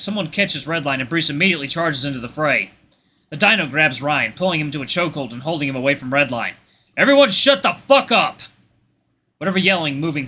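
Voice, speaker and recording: Guy reading a visual novel out loud, bright tone, slight background hiss. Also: fairly high pitch. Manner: expressive first-person narration, occasional stumbles. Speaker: let's play host.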